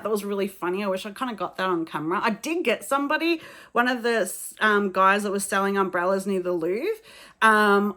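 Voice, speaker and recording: An Australian travel vlogger tells travel stories to camera in a frank, chatty way, swearing and using plenty of fillers. Her voice is mid-range with a fairly bright tone.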